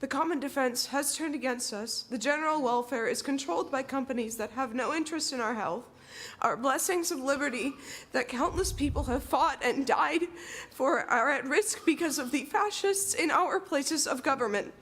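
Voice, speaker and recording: A woman's voice: high voice, normal speed, a bit bright. A tearful young woman, a student, delivering a solemn, declamatory public comment in a city council chamber. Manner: solemn, declamatory, echoing a founding text.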